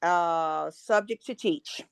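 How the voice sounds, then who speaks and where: A middle-aged woman co-hosting a podcast, upbeat, running a quick question round and repeating answers back. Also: lowish voice, creaky, smooth. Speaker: podcast co-host. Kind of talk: casual interview chat.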